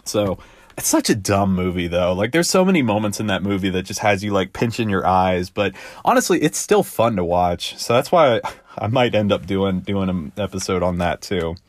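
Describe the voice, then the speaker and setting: A low-pitched man talks through a solo podcast episode, rambling loosely and leaning on fillers. He swears offhandedly as he goes. The sound is dry and close, with no room echo. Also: big pitch swings, moderate pace. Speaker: podcast host. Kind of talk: casual solo podcast monologue.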